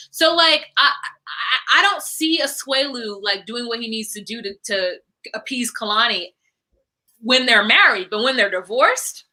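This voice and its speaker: A woman's voice: a little high, sharp tone, poor audio. A woman co-hosting a casual reality TV recap show, opinionated and blunt. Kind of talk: casual chat.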